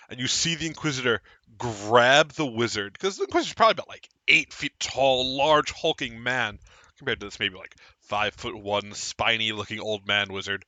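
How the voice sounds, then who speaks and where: Man, game master, lively narration, bright tone, dry close sound. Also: medium pitch, normal speed, dry recording. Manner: lively, vivid scene narration.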